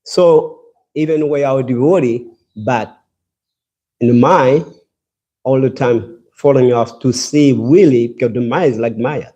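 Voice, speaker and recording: A man with a French accent giving a scripture class in halting English, often repeating words and searching for phrases. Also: mid-range voice, warm tone, dull audio. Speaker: class speaker.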